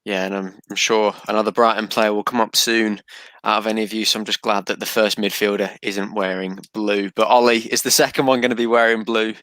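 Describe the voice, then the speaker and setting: A man with a fairly low voice hosts a relaxed panel discussion. He steers the talk by putting tag questions to his guests. He is recorded dry and close, with no room sound. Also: fairly quick, no room sound, low-quality recording. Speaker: host. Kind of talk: casual panel chat.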